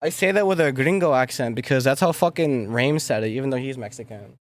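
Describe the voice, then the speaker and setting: A man's voice: mid-range voice, brisk, no room sound. Mumbly young man streaming music production. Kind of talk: casual livestream chat while making music.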